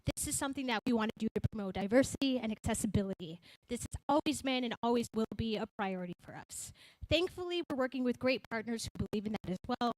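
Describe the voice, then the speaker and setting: A woman's voice: fairly high pitch, expressive, fast talker, darkish tone, no echo, poor audio. A woman with a Chicago accent hosting a live talk show, chatty and upbeat as she addresses a crowd in a hotel lounge.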